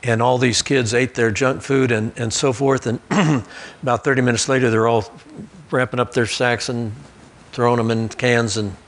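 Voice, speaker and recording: This male pastor preaches in a church sanctuary at a normal speed, his medium-pitched voice holding a steady tone. He tells the sermon through homespun personal anecdotes, drops in folksy asides, and occasionally starts a sentence over.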